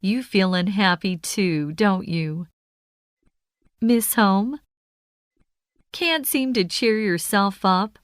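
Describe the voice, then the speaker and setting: Woman reading practice phrases at an unhurried pace, mid-pitched, dry close sound. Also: no echo. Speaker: phrase reader.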